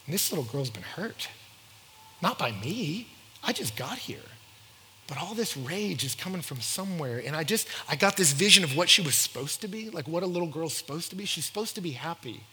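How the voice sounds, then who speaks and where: A man preaching a sermon, telling stories and acting out dialogue in an animated way. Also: fairly high pitch, fast talker, hardly any pauses, breathy edge. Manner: animated, acts out dialogue in voices. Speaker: pastor. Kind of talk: sermon with storytelling. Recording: long hall reverb.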